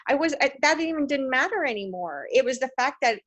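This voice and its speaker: A woman's voice: high-pitched, a little fast. A woman from Canada in a casual group video call, telling stories animatedly and acting out quoted voices. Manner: animated storyteller, acts out quotes. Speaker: discussion participant.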